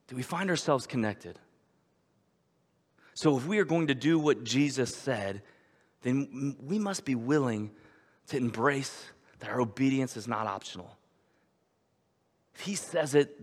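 A male pastor preaching a sermon in a conversational storytelling manner, with emphatic repetition. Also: medium pitch. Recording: echoey church hall.

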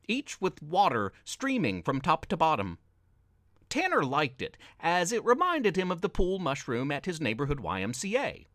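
Guy reading an adventure story, slightly high voice, super expressive, takes his time. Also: no echo, clean studio sound. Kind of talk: read-aloud story narration.

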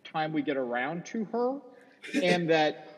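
A man's voice: fairly high pitch, big pitch swings, breathy edge. Easygoing man as game master. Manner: easygoing, measured, amused. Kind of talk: narrating a tabletop game. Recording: dull roomy recording with long reverb.

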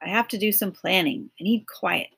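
A woman's voice: medium pitch, normal speed, creaky, fairly bright tone, husky, exaggerated voice. A woman reading an audiobook voices a confident adult man who brushes off danger and speaks with dismissive certainty. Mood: curt. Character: brisk, self-assured adult man planning a journey.

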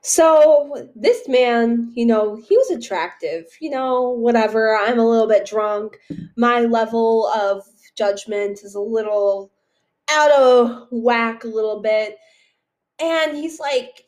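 Profane, animated young woman podcast co-host. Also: on the high side, slow pace. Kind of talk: casual chat.

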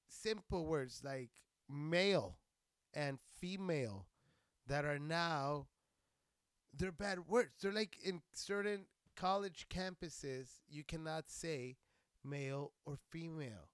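A man from near El Paso, Texas, in a profane, rambling comic monologue, crude and animated. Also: a little high, slow, clean tone, dry recording. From Socorro, Texas, near El Paso. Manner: rambling, crude and animated, laughing at his own jokes. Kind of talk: profane stand-up style monologue.

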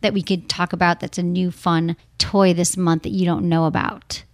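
A woman's voice: on the low side, level tone, moderate pace, no echo, studio quality. A woman hosting a podcast about sex and relationships, talking in a casual, chatty way full of "like" fillers.

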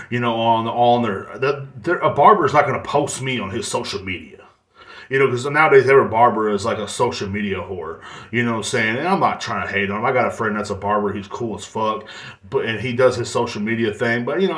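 The same kind of solo podcast rant comes through an echoey room: a man's mid-range, fairly bright voice delivering a blunt, profane casual monologue. He leans on fillers and keeps restarting his sentences.

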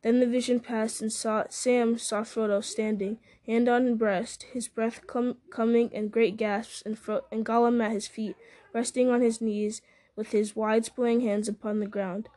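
A woman reading a story aloud at a measured pace, with occasional slips and restarts. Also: on the high side, level tone, warm tone. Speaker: reader. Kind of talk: audiobook-style story reading.

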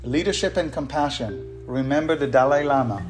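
A man's voice: medium pitch, normal speed, soft background music. A man hosting a solo podcast on leadership, speaking earnestly and encouragingly and repeating key words for emphasis. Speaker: podcast host.

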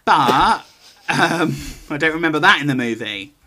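A man co-hosting a podcast, telling a story in casual chat with wry, deadpan asides and frequent ums. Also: a little high, normal speed. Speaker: podcast co-host.

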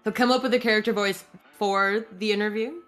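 A woman chatting as a podcast guest, agreeable and quick to laugh. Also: mid-range voice, fairly even intonation, fairly bright tone, soft background music. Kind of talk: casual chat.

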